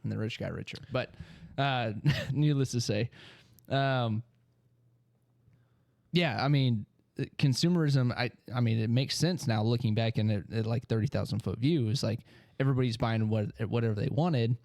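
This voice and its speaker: A man's voice: mid-range voice, moderate pace, vocal fry, a little mellow, no room sound, clean studio sound. A man co-hosting a podcast in casual chat, rambling with many fillers. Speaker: podcast co-host.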